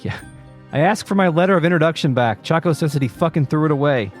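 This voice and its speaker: Relaxed man chatting over faint music. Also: a little high, fast talker. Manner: relaxed, hesitant, repeats words when thinking. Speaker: podcast co-host. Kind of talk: casual chat about a video game.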